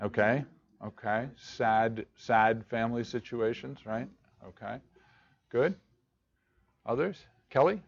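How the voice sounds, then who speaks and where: Man, Bible study teacher, halting delivery, repeated questions, muffled recording. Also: medium pitch, creaky, breathy edge. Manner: halting, repeats and restarts words, asks rhetorical questions. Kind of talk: teaching a church study group. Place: room with a group of listeners.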